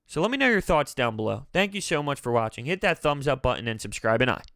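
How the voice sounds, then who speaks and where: A man giving an exasperated, animated fan's reaction to his team's loss as a sports vlogger. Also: mid-range voice, fast, dry recording, clean studio sound. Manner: animated, exasperated, laughing through frustration. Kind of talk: fan reaction commentary.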